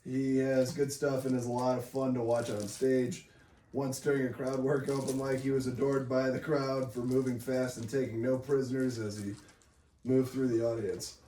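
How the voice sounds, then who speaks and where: A man's voice: mid-range voice, little pitch movement, normal speed, dark tone. A man, a comedian guest on a podcast, reading aloud from a book, stumbling and laughing at his slips. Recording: roomy, distant mic, faint noise.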